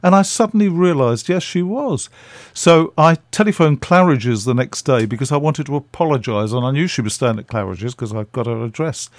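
A man's voice: mid-range voice, a little mellow, dry recording. An older man, a radio guest telling chatty, self-deprecating stories and acting out the voices. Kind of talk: anecdotal storytelling.

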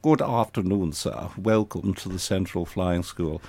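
A man's voice: sits low, measured pace, mellow. An older man putting on a clipped, haughty posh officer. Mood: stiffly polite. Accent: English upper-class. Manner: clipped, superior.

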